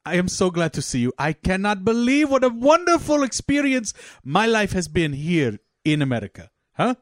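A man's voice: medium pitch, animated, normal speed, no room sound, studio quality, voice pushed down, close to an everyday voice. A man doing a proud, boastful immigrant father. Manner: grand, formal speech with repeated "huh?".

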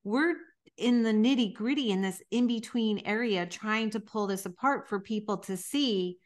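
A woman's voice: medium pitch, normal speed. A middle-aged woman hosting a podcast, talking frankly and emphatically, with the odd mild swear. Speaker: podcast host and coach. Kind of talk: conversational podcast talk.

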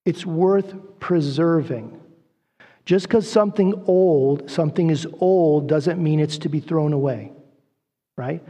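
A man preaches to a congregation, his voice sitting high for a man. He tells stories and acts out the quoted lines with energy. The sound rings with a long reverb from a church sanctuary. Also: dark tone, husky. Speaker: guest preacher. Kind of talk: sermon.

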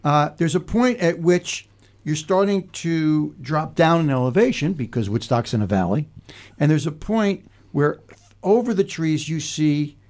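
A man's voice: a little high, expressive, measured pace, a little mellow. An older man hosting a casual talk show, telling a reflective story in a meandering way with many restarts. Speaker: podcast host.

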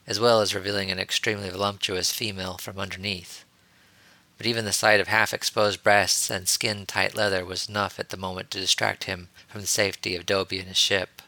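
Man narrating an audiobook, lowish voice, bright and forceful, dead dry sound. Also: no room sound. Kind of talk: audiobook reading of fan fiction.

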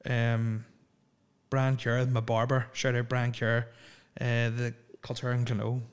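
Young lad, mid-pitched, hosting a loose solo podcast full of swearing and jokes. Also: male voice, completely flat delivery, unhurried, smooth. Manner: rambling, profane and jokey. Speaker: podcast host. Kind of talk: casual solo podcast chat.

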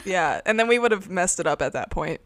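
A woman's voice: lowish voice, fairly quick. A young woman co-hosting a casual podcast, playful and giggly, recorded at home over a call. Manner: giggly, playful, lively intonation. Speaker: podcast co-host. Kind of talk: casual chat. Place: dim room at home, surrounded by cords.

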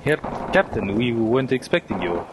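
A man's voice: mid-range voice, very animated, normal speed, slight background noise, natural voice, rough recording. A man voicing a stiff, suspicious officer, formal and clipped. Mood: stern.

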